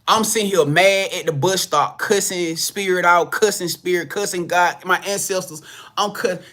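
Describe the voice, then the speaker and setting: A man's voice: high voice, moderate pace, pushed and bright. A man hosting a spiritual reading channel, telling a story to his viewers in a casual, emphatic, heavily profane way, often repeating himself. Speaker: spiritual reader, channel host.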